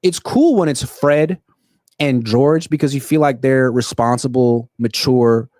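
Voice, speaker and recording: A young man hosting a solo sports show, ranting in animated, quick bursts. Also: mid-range voice, dry recording, studio quality. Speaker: sports podcast host. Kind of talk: solo livestream commentary.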